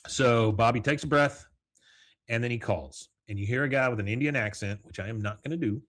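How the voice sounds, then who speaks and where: A man's voice: medium pitch, fairly quick, fairly bright tone. A middle-aged man hosting a solo podcast, recapping a cartoon episode in a rambling, casual way with chuckling asides. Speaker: podcast host. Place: home, with morning coffee.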